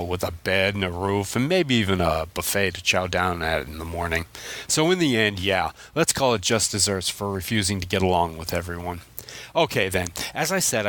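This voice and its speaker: A man with a fairly low voice calls in to the show with his prepared commentary. He is from Louisiana, and his pitch swings widely as he delivers wry, animated remarks. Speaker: caller.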